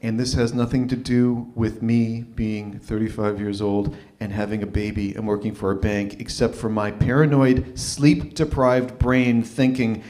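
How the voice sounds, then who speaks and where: A man telling a personal story live at an open mic, casual and self-deprecating. He restarts phrases as he goes, in a middle-pitched voice. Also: moderate pace, few pauses, darkish tone.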